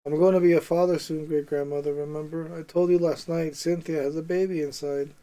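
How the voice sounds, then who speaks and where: A man's voice: fairly high pitch, flat delivery, brisk, mellow, close to an everyday voice. A man reading aloud the lines of a grieving young man pleading with his dying great-grandmother, in his own voice.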